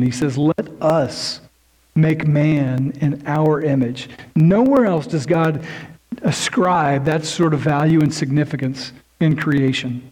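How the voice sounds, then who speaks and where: A man's voice: on the high side, darkish tone, poor audio. A man preaching a sermon in an earnest, emphatic way, building points through lists and repetition. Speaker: pastor.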